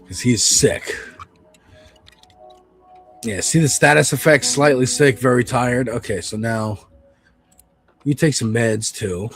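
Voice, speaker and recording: A man's voice: mid-range voice, takes it slowly, long pauses, faint music behind. A man streaming a video game, giving loose, rambling commentary with casual swearing.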